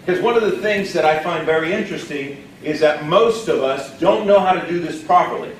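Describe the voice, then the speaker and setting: A man from Texas giving an energetic motivational training talk to a live audience, often putting questions to the room. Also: a little high, a little fast, slight background noise. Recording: roomy echo from far off, faint ambience.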